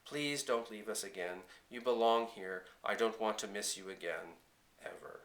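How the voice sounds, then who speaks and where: A man reading the lines of a hurt, proud grown farmer father in a storybook audiobook, soft and low. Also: normal speed, low-quality recording. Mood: aching, soft.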